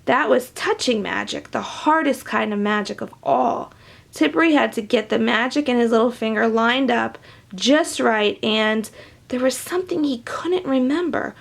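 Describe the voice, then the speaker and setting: A woman reading a children's picture book aloud, with animated, chatty asides to young listeners. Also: a little high, moderate pace, vocal fry. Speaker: storybook reader.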